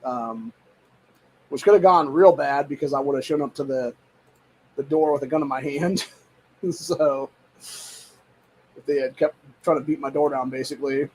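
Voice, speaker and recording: A man's voice: medium pitch, measured pace, pauses often, breathy edge, rough recording. A man hosting a show, ranting in a heated, profane, rambling way and saying "dude" often. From United States. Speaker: show host. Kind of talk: casual political rant.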